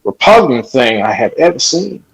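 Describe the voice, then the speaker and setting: A man's voice: mid-range voice, very animated, moderate pace, vocal fry, breathy edge, rough recording. Prim, disdainful man in a played clip.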